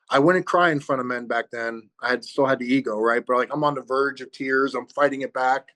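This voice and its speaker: Man sharing his recovery testimony: mid-range pitch, earnest, halting delivery with pauses. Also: a bit bright. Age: adult with children. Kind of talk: personal testimony.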